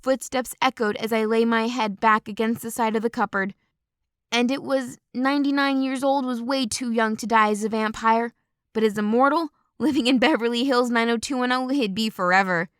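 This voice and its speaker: Woman audiobook narrator, fairly high, dry close sound, measured first-person read. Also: fairly even intonation, clean tone, no echo.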